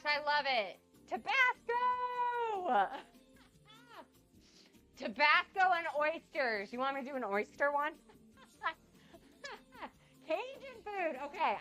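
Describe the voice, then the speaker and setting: Bubbly high-voiced woman streamer. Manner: bubbly, gushing and excitable. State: getting over a cold. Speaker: cooking streamer. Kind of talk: casual live-stream chat.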